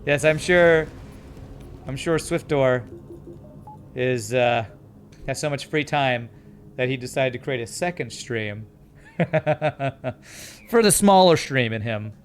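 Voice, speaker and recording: A man from Canada streaming a video game, reading chat and playing up an overly polite, apologetic manner. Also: medium pitch. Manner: mock-polite, cheery and apologetic.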